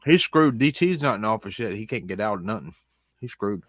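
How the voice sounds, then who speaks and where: A man co-hosting a podcast in casual chat, joking and animated, saying "bro" a lot. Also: on the low side, fairly quick. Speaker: podcast co-host.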